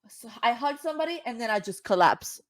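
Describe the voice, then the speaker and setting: A woman from Cuba, a singer and podcast guest, telling a story casually and acting out the voices she quotes with big jumps in pitch. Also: expressive, quick pace, no room sound, clean studio sound.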